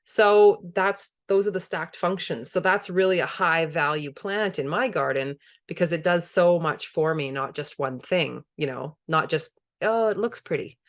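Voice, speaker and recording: Low-voiced woman giving a gardening webinar. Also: measured pace, hardly any pauses. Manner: enthusiastic, conversational, laughs easily. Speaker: permaculture presenter. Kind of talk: webinar presentation.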